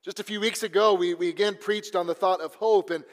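Pastor, male, high pitched, storytelling sermon delivery with restarts; church hall reverb. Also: fairly even intonation, brisk. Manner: storytelling preacher with repeated restarts. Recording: long reverb of a large hall.

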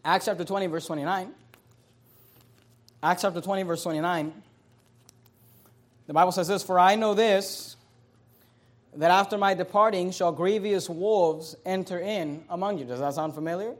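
A man with a notably high-pitched voice delivers a sermon as pastor. He leans hard into key phrases, slowing and rising, then slips into casual asides. He repeats chapter and verse references as he guides listeners. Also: steady tone. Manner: emphatic preaching, slows and rises on key phrases.

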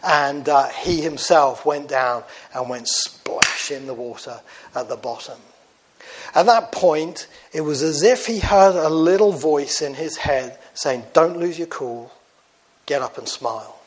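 A man telling a story in a sermon, in a conversational way with many fillers and restarts, dropping quiet for quoted lines. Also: a little high, measured pace, slight background noise. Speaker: preacher.

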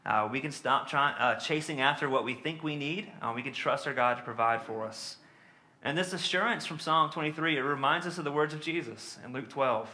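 A man delivers a sermon in a relaxed, conversational teaching style. His voice is bright and forward, and he leans on fillers and tag questions as he explains. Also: on the high side, brisk. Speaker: preacher.

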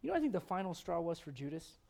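A man's voice: fairly high pitch, sing-song, racing, creaky, mellow. A middle-aged male pastor preaching a sermon with humor and many rhetorical questions.

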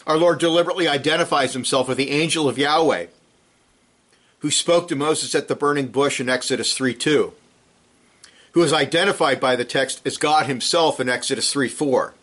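A man preaching an expository sermon, reading scripture and explaining Greek words in a measured way. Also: a little high, fairly bright tone.

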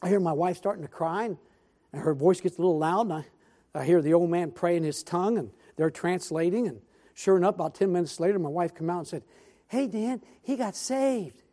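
A man preaching a church sermon, telling a story in a folksy, animated way with repeated words and restarts, then closing with earnest pleas. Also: sits high, quick pace. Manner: earnest, appealing pleas asking amen. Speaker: pastor. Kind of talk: sermon with storytelling and altar call. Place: church sanctuary.

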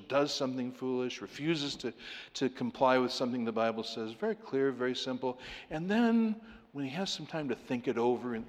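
A man preaching a sermon, animated and playful, acting out the voices of people in his story with laughs. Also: medium pitch. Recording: long hall reverb.

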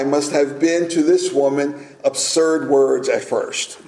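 A middle-aged man preaching a sermon as pastor, earnest and deliberate, with filler words. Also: fairly high pitch, steady tone, mellow. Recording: echoey room.

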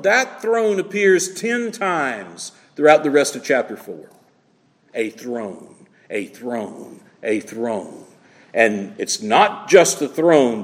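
Male pastor, high voice, emphatic sermon delivery, big reverberant church hall. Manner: emphatic, swings between loud declaiming and quiet asides.

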